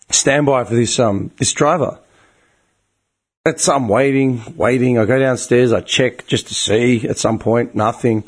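An Australian man in his twenties or thirties rants in a casual way, swears a lot and retells each exchange with mounting outrage. His voice is mid-pitched and sits in the middle of the male range. It sounds worn and a little strained from talking so long. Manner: profane, exasperated storytelling with bursts of animated outrage. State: voice getting tired and strained. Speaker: group chat regular. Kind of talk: casual ranting story.

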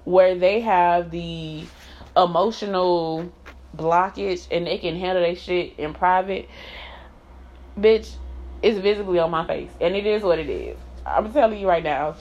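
A woman speaks straight to camera in a personal vlog, blunt and emphatic, cursing casually and laughing as she talks. Her voice sits on the lower side. The recording is slightly muffled and lo-fi. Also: measured pace, a little mellow. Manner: candid and emphatic, swearing freely, laughing often. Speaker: vlogger. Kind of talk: candid personal monologue. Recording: slightly dull lo-fi sound.

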